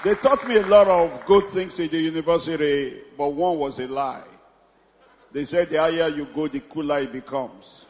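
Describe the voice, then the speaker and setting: Male preacher, 50s, high and exuberant, shouts and laughs through the sermon; reverberant church hall, congregation faint behind. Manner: exuberant, often shouting and laughing, drawn-out praise calls. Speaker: pastor. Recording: echoey hall with congregation noise.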